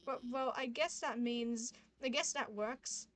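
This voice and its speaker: A woman's voice: on the high side, measured pace, a bit bright, soft background music. A woman voicing a shy, nervous, bookish woman who hesitates and stammers.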